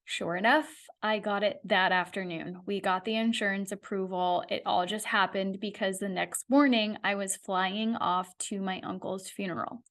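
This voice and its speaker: A woman's voice: mid-range voice, normal speed, few pauses. A woman hosting a podcast, telling her own story in a candid, conversational way. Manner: candid, conversational, animated retelling. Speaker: podcast host. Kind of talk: personal storytelling monologue.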